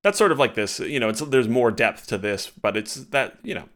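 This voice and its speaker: A podcast co-host chats loosely and very animatedly, with lots of fillers and restarts. His voice is medium-pitched and fairly bright, at a normal speed.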